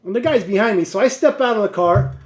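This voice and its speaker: A man's voice: high voice, expressive, fast talker, roomy sound. A man who drives a truck tells a story casually and animatedly, laughing and wandering off on side tracks.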